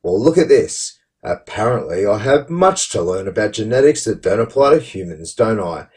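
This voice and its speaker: A man's voice: sing-song, normal speed, darkish tone, far from the mic. A man voicing a theatrical, mock-polite commenter, mocking with exaggerated politeness. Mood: sarcastic. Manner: exaggerated sarcastic politeness, rising high pitch.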